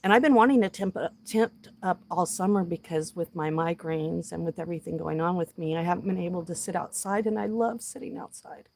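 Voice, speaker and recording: With a fairly low, fast voice full of vocal fry and hardly any pauses, a vlogger chats emotionally to her live audience outside. She's heartfelt and casual, speaking softly to animals along the way.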